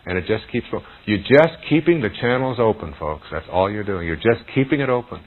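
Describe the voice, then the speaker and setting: A man giving a slow, deliberate spiritual talk to an audience. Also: lowish voice, lively intonation. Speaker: motivational speaker. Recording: tinny phone-like recording with faint music.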